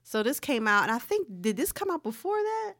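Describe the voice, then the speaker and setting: A woman's voice: high voice, big pitch swings, brisk, fairly bright tone, dry recording. Easygoing woman co-host, dry close sound. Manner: conversational, frequent agreeing murmurs, wry. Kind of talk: casual chat and reading a post aloud.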